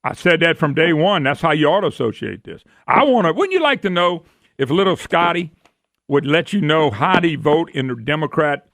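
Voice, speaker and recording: Radio host guy ranting, sarcastic and folksy, somewhat high voice, dry close mic. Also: very animated, normal speed, a bit bright, dry recording. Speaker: radio talk show host. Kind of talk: talk radio commentary. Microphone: studio microphone.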